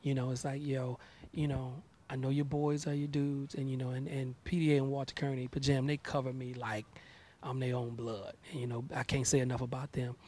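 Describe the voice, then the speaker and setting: Speaking briskly at a medium pitch, this man in his thirties, a gospel artist, gives a casual interview. He's animated and preachy, and he tends to repeat words when beginning sentences.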